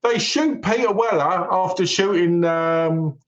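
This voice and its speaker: Animated man recapping films in a roomy room. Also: sits high, a little slow, highs cut off. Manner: animated storyteller, retells plots with quoted lines. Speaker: podcast co-host. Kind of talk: casual film-review chat. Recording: roomy echo.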